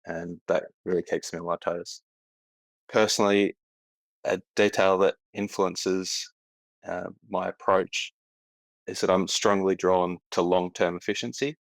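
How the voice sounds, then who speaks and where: An Australian man speaks in a very low, steady voice with little rise and fall. He answers calmly and modestly, recorded close and dry. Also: no echo. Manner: measured, modest, even. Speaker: podcast guest, account manager. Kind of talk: interview answers.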